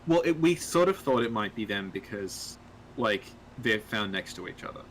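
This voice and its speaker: A man's voice: lowish voice, expressive, moderate pace, a bit bright, slight background noise, low-quality recording. A man co-hosting a game stream, chatting casually and explaining plainly. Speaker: streamer co-host. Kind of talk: casual chat while playing a game.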